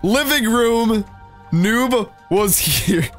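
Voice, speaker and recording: A man doing excited, giggly gameplay commentary, laughing often and teasing. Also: high-pitched, very slow. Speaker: Minecraft YouTuber. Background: faint background music.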